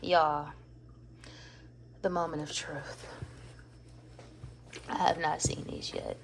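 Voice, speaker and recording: Woman vlogger, gushing and excitable, casual and cussing, gravelly fry, faint hiss behind. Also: low-pitched, slow pace, long pauses. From Atlanta, US South. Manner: gushing, excitable, swears freely. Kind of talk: casual vlog chat.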